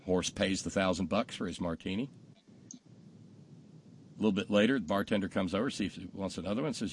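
A man hosting a talk show, telling jokes casually and acting out the punchlines loudly. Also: sits low, a little fast, long pauses, a little hiss or hum. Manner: animated storyteller, acts out punchlines loudly.

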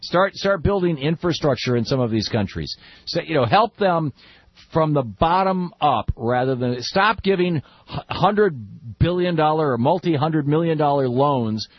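A man hosting a political call-in radio show, opinionated and quick, often restarting his sentences. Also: fairly high pitch, lively intonation, slightly rough, no room sound, lo-fi sound. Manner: opinionated, fast with frequent restarts. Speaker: radio talk show host.

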